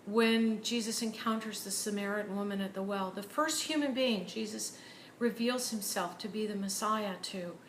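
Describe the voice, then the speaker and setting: A woman's voice: medium pitch, normal speed, slight background noise. Earnest woman preacher in a roomy church. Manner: earnest, drops to hushed near-whispers for emphasis. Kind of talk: sermon.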